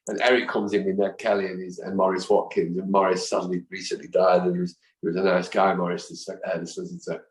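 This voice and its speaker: A man in his fifties, a guest in a casual interview, telling animated anecdotes and acting out the voices of people he quotes. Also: deep voice, fast, few pauses. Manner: animated storyteller who acts out quoted voices. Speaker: guest, football fan. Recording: echoey room.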